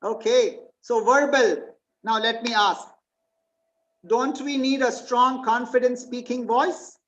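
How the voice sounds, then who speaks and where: A woman's voice: fairly high pitch, slow pace. Woman running a webinar, asks the audience stuff, sound a bit dull. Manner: quizzes listeners, reads out slide points. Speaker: webinar presenter. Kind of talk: interactive online presentation.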